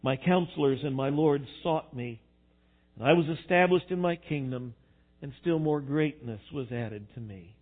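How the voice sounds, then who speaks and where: Tinny-sounding preaching man, fairly high voice. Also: moderate pace. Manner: animated preaching, swings from quiet to loud. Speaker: pastor. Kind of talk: sermon.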